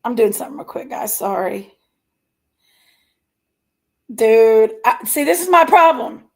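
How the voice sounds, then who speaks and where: Fired-up, gravelly woman with a high voice. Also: unhurried. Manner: emotional, fired up, tells herself to calm down. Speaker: online commentary streamer. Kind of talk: heated casual rant to viewers.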